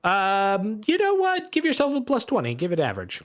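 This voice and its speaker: A man's voice: high voice, huge pitch swings, fairly quick. A man running a tabletop game as game master, narrating casually with hesitant fillers.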